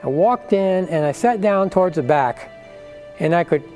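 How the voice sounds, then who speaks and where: High-voiced older man telling his story. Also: expressive, moderate pace, a little mellow, faint music behind. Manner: earnest storytelling, acting out remembered dialogue. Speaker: speaker giving a testimony. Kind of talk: personal faith testimony.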